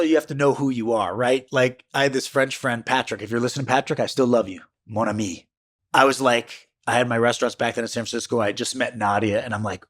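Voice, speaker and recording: A man in his fifties hosting a podcast, telling a reflective motivational story about his life in an emphatic way, with sudden jumps in pitch. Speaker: podcast host.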